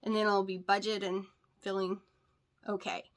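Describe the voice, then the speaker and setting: A woman's voice: mid-range voice, little pitch movement, normal speed. A woman with a country American accent, chatting candidly and bluntly to the camera at home in a casual vlog, repeating things for emphasis. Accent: rural American country. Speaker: keto weight-loss vlogger. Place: at home, indoors. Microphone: camera on a tripod with a light.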